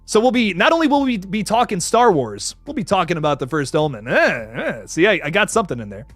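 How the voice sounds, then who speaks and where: Reading viewer messages on a laid-back livestream, the young host laughs a lot, trips over words and swears offhandedly. He sounds high, sing-song and a bit bright, speaking briskly with no room sound and faint music behind him.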